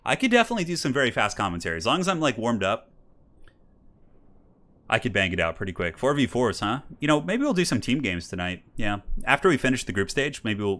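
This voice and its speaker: A man's voice: on the low side, fairly bright tone. A young man hosts a live stream, casting strategy game matches in a loose, chatty way and answering his viewers as he goes. His voice rises and falls a lot and stays upbeat, and he sounds like he is speaking into a desk microphone. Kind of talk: casual live-stream commentary.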